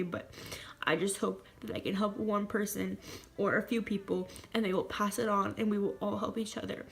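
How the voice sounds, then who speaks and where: A young woman speaks to her viewers in a raw, emotional vlog, close to tears. Her voice sits at an ordinary middle pitch, and she pauses and restarts as she works through what she wants to say. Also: steady tone, vocal fry. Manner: tearful, earnest, halting with pauses and restarts. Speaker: vlogger. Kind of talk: emotional personal vlog talk.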